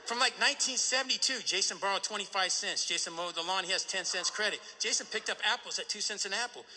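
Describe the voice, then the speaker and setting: A middle-aged man with a fairly high, very bright voice talks quickly through a personal recovery story. He acts out the people in it and tags each turn with "right?". His voice carries a long reverb, as if recorded in a large hall. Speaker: recovery meeting speaker. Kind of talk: personal recovery story told to a live audience. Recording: echoey hall.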